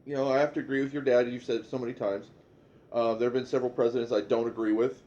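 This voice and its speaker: A middle-aged man co-hosting a talk show, speaking in a measured way with some stumbles as he gives his opinions. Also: medium pitch, little pitch movement, warm tone, lo-fi sound. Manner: measured, hesitant, repeats words. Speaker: co-host. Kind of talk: casual political chat.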